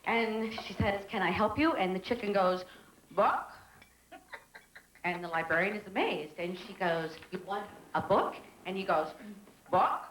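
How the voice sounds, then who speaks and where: A woman's voice: medium pitch, a little slow, fairly bright tone, a little hiss or hum, lightly acted. An actress playing a middle-aged woman in a soap opera, hesitant and joking as she tries amateur stand-up. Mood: nervous. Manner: hesitant, with ums and laughs on stage. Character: flustered, witty woman trying amateur stand-up. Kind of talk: 1990s daytime soap acting. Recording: echoey room with music behind.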